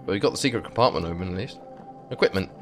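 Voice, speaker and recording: A man's voice: sits low, animated, rapid-fire, over music. A man hosting a let's play, commenting wryly and reading game text aloud. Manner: chatty, sweary, wry.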